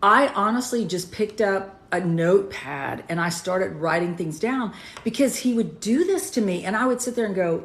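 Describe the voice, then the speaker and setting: A woman's voice: mid-range voice, animated, moderate pace, echoey room. A woman co-hosting a casual livestream chat, speaking earnestly and emphatically. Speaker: co-host.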